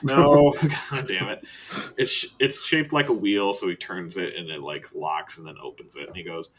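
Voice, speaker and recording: A man's voice: low voice, moderate pace, slightly rough. A man narrating as game master in a tabletop game, in a casual, rambling way.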